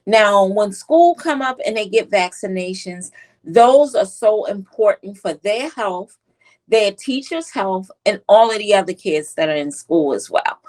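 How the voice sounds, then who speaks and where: A woman's voice: mid-range voice, low-quality recording. A woman pediatric nurse with a US East Coast accent, telling stories in an interview and acting out children's voices. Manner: animated storyteller, acts out children's voices. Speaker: pediatric nurse and author, guest. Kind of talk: conversational interview storytelling.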